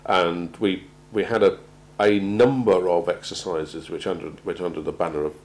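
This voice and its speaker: A man gives a measured talk on crisis planning, often pausing and repeating words as he goes. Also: sits low, fairly even intonation, darkish tone, rough recording. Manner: measured, halting, repeats words while finding them. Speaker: presenter on organisational crisis planning. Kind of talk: prepared talk to an audience.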